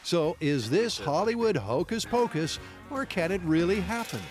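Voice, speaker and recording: A male documentary narrator reads a scripted voice-over in a bright, playful way. His voice sits a little high and swoops widely in pitch, and clear background music runs under him. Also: sing-song, moderate pace.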